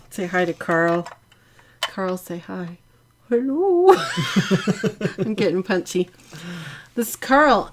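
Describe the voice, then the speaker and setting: A woman hosting a live coloring stream from her art studio, chatty and giggly with drawn-out asides. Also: mid-range voice. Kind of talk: casual live-stream chat while coloring.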